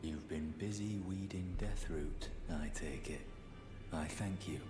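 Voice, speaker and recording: An actor playing a grim male hunter in a video game, slow, solemn and courteous. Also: low voice. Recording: echoey game audio with music.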